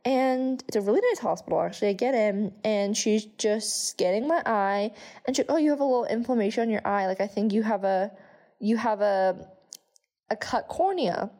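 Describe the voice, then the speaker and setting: A woman's voice: mid-range voice, normal speed, mellow. A young woman telling a casual storytime vlog, chatty, with frequent swearing and many fillers. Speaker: vlogger.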